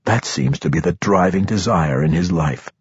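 A man voicing a grim, sarcastic assassin, low and husky. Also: normal speed, no echo. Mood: dry. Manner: dry, clipped, sarcastic. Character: grim, wry male assassin. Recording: dull lo-fi recording.

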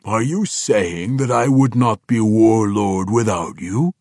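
A man voicing a cruel orc warlord who speaks with a growl and a soft purring menace. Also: lowish voice, takes it slowly, dry recording, clean studio sound. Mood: purring threat.

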